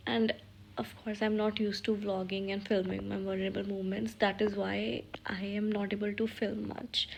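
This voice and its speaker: A young woman talks to her camera in her bedroom, tearful and overwhelmed. Her voice is a husky-edged half-whisper with a gravelly fry and little rise and fall. The phone recording carries a steady hiss of noise behind her. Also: mid-range voice, moderate pace. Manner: emotional, half-whispered confiding. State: crying. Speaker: book vlogger. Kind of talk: tearful casual vlog. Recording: noisy home recording.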